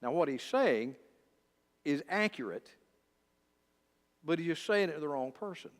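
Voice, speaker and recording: A man's voice: fairly high pitch, a little slow. Male pastor in a reverberant church. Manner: conversational, talks straight to the listeners, with lively asides. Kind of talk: Bible study teaching.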